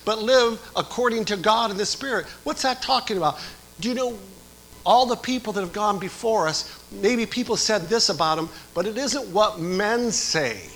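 A middle-aged man preaching a sermon as pastor, swinging from quiet talk to shouted exhortation. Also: high voice, low-quality recording.

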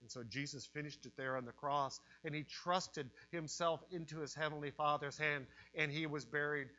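A man preaching a sermon, dropping to a hush and rising to loud cries. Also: a little high, fairly even intonation, normal speed, highs cut off. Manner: dramatic swings from hushed to loud.

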